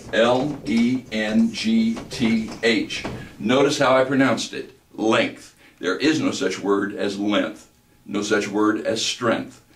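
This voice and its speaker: Deliberate man teaching voice work. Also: medium pitch, recorded from a distance. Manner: deliberate, demonstrates words slowly. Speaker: voice-over instructor. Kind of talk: instructional lecture. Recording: roomy, from the mic.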